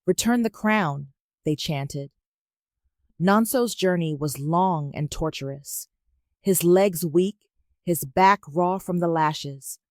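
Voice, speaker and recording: A woman telling a folktale at a slow, measured pace in a lowish voice. The recording is close and dry, with no room sound. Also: a little mellow, no room sound. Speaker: narrator. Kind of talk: storytelling narration of a folktale.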